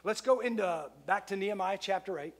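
Male pastor, middle-aged, high-pitched, chatty sermon delivery with repeated emphatic lines. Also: fairly quick. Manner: conversational, repeats phrases for emphasis.

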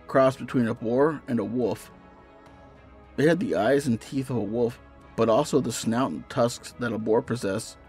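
Hombre narrando una historia de terror. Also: male voice, mid-range voice. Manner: steady storytelling narration. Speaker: horror story narrator and channel host. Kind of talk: reading a creepypasta aloud.

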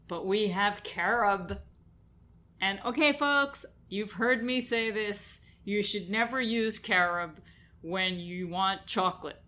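Female radio food host, New York accent, relaxed chatty delivery, average pitch. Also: slow pace. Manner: chatty, laughs easily, lists ingredients. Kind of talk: casual chat about food. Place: radio studio.

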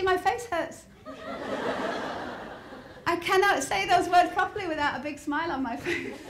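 A woman in her fifties from the north of England, with a softened English accent, giving a lively, humorous motivational talk and asking the audience questions. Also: sits high, slight background noise. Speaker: speaker. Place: large hall before an audience. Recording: roomy hall with faint crowd ambience.

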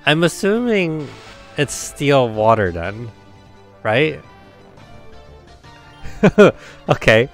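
A man's voice: mid-range voice, fairly bright tone. A man giving casual let's play commentary, chatty, laughing often and talking to himself. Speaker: game streamer.

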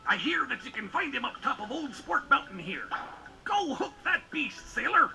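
An actor playing a gruff old crab man who is a ship captain and shop owner, with gravelly, salty sailor talk in a video game cutscene. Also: extremely high pitch, sing-song, normal speed, sharp tone, soft background music, heavily acted. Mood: hearty.

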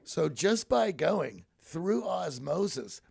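A man's voice: fairly high pitch, very animated, takes it slowly, creaky, a little mellow, breathy edge. A man in his forties from Pittsburgh, a podcast guest telling earnest, reflective stories about himself in a conversational way. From Pittsburgh, USA. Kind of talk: conversational storytelling.

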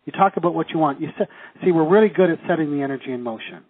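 Seminar teacher, man from Canada, middle-aged; lively and quizzing, husky tone, phone-thin sound. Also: fairly high pitch, racing, dry recording. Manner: lively, asks the class questions, acts out quoted reactions. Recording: tinny phone-like audio.

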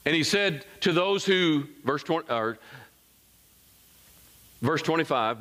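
A man preaching from the pulpit as pastor. His voice leaps up in fervent emphasis, then sinks low and hushed. He throws questions to the congregation as he goes. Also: animated, slow, long pauses. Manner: preaching with wide swings, rising high in emphasis and dropping low and soft; call-and-response asides to the congregation. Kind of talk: sermon.

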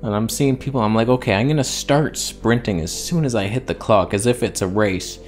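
A man's voice: lowish voice, fairly quick, soft background music. A man vlogging in a casual, rambling, self-mocking way while in back pain. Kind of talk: casual vlog monologue.

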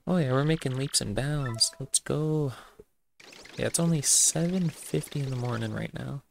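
A let's-play host chatting playfully between scenes of a game. The voice has a gravelly, fry-laden edge at a middling pitch. Game music plays clearly underneath. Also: moderate pace. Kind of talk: casual let's play commentary.

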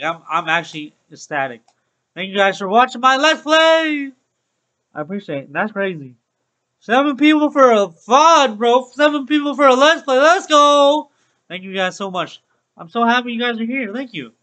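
A man's voice: high voice, bright, forceful tone, rough recording. A young man streaming a game, chatting upbeat with his viewers and repeating phrases like "bro". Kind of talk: casual Let's Play commentary to live chat.

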